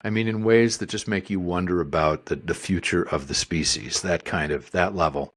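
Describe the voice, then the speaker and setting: A man's voice: low-pitched, moderate pace. A man co-hosting a podcast, telling a long casual story with wry comic asides. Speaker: podcast co-host.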